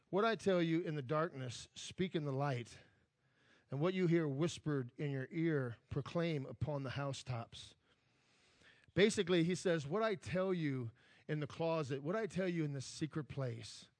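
A man's voice: on the high side, no room sound. A man preaching a sermon as pastor, earnest and building force when he quotes scripture, often repeating himself and asking "amen?". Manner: repeats words, frequent "amen?" to the congregation.

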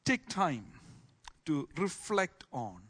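A man teaching a Bible class in sermon style, swinging from soft asides to loud exclamations. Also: on the high side, very animated, takes it slowly, breathy edge.

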